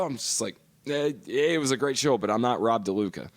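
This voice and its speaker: A man's voice: medium pitch, animated, brisk. A middle-aged man co-hosting a podcast, telling long profane stories in casual chat. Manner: profane storytelling. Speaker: podcast co-host.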